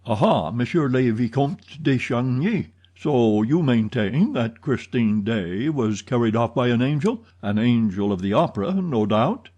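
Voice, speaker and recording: Guy doing a stern police commissary, slow and deliberate, mellow husky voice. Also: mid-range voice, lively intonation. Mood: skeptical. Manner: deliberate, measured questioning. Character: solemn male police commissary, dry and probing. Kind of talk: audiobook character reading.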